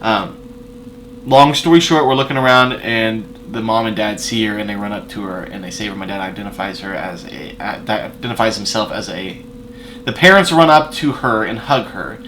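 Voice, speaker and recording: A man telling a personal story in a casual vlog, rambling with fillers and restarts and swinging between loud emphatic bursts and quiet asides. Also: fairly low pitch, moderate pace, slight background noise, low-quality recording.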